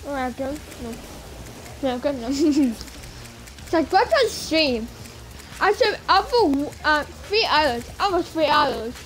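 Super high-pitched girl streaming a game, slow talker, lots of exclaiming n groaning at it. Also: lively intonation, a bit bright, slight background noise. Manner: exclaiming, pleading with the game, frustrated outbursts. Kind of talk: live gameplay commentary.

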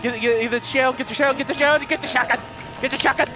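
A man doing loud, goofy, excitable commentary as he plays a game, often laughing. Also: very high-pitched, quick pace. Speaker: let's play host. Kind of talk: gaming commentary.

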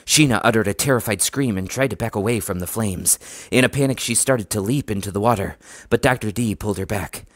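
A man reading a children's horror storybook aloud in a steady, even narration. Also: lowish voice, a little fast, no echo, studio quality. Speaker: audiobook reader.

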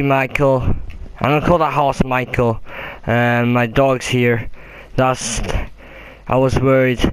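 A man's voice: mid-range voice, smooth. A young Welsh man giving casual, swear-heavy commentary on his game and chatting to his in-game pets. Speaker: gaming commentator.

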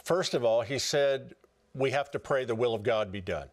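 A man on a Christian talk program, relaying a phone message and reading a psalm aloud in an earnest, measured way with quick asides. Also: mid-range voice. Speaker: program guest.

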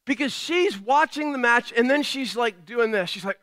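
A man's voice: extremely high pitch, animated, moderate pace, hardly any pauses, fairly bright tone, no echo, studio quality. A man preaching a sermon as pastor, telling stories with self-deprecating humor and chatty asides to the congregation. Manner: conversational, with frequent asides to the congregation.

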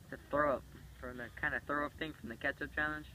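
A young man from Hawaii hosting a casual vlog challenge, loud and laughing often. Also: fairly high pitch, fairly even intonation, fast, a little hiss or hum, rough recording. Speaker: YouTuber.

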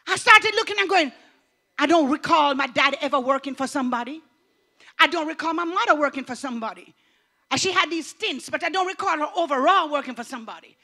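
A woman pastor preaching a motivational sermon, fervent and preacherly, swinging between loud declarations and hushed passages. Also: high voice, lively intonation, brisk.

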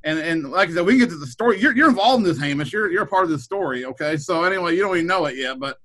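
A man's voice: a little high, lively intonation, racing, a bit bright, low-quality recording. A man, a middle school principal, chatting casually on a podcast, rambling with frequent repeated words and restarts. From Kansas.

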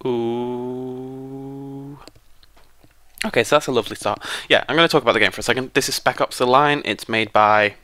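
A British man giving joking, excitable gameplay commentary as a let's play host, shouting at the game. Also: mid-range voice, rapid-fire, hardly any pauses, dry recording.

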